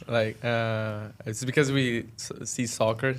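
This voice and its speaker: Brazilian teen boy guest, halting short replies, light hiss in the room. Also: mid-range voice, level tone. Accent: Brazilian Portuguese. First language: Portuguese. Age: teens. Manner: hesitant, short answers. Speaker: exchange student guest.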